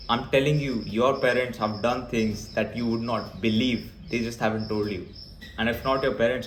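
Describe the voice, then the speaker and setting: A young man delivers a blunt, emphatic rant straight to camera. His talk is full of fillers and restarts. The sound bounces around an echoey room with a faint hum behind him. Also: medium pitch. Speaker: vlogger.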